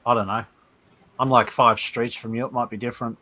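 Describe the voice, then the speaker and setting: A man's voice: medium pitch, flat delivery, brisk, pushed and bright. A man co-hosting a livestream, easygoing and plain-spoken in casual chat. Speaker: co-host.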